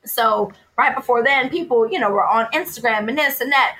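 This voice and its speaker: A woman from New Orleans, a podcast guest, telling stories in an animated way and mimicking other people's voices. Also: a little high, brisk, hardly any pauses, low-quality recording. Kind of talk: casual storytelling chat.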